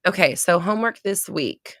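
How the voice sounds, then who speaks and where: Low-voiced chatty woman streamer. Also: lively intonation, moderate pace, fairly bright tone, no echo, clean studio sound. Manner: chatty, laughs often, reads viewer comments aloud. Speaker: livestream host. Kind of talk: casual live stream chat.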